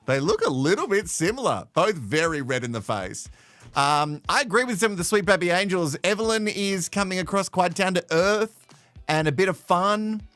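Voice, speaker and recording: A man's voice: sits high, big pitch swings, moderate pace, a bit bright, no echo. A man from Australia hosting a live show from home in playful, teasing casual commentary. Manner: chatty, playful, teasing, laughs often. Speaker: host.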